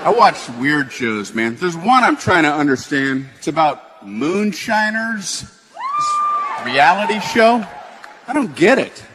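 A man doing stand-up comedy in a slow drawl, shouting out his punchlines. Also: a little high, very animated. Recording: live club with crowd and background noise.

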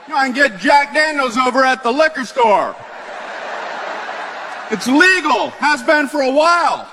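A man doing stand-up comedy in a slow drawl, shouting out his punchlines. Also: extremely high pitch, animated. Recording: live club with crowd and background noise.

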